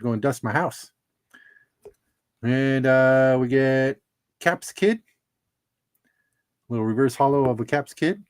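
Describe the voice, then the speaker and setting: A man's voice: mid-range voice, takes it slowly, long pauses. A middle-aged man hosting a casual livestream, chatting and laughing at his own jokes while opening trading cards.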